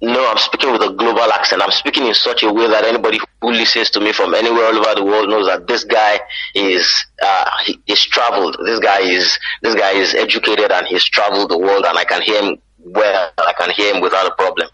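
Low-voiced Nigerian man with a husky tone. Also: fairly quick. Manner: playful, teasing, animated storytelling. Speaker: guest, author and entertainer. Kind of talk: radio interview, joking banter. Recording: muffled radio broadcast.

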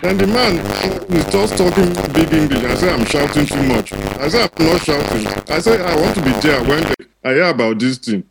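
Man playing L J Daddy, gravelly, anxious. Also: fairly high pitch, expressive, normal speed, hardly any pauses, very noisy. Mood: pleading. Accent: Nigerian. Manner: pleading and indignant, broken English. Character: anxious excitable expectant father.

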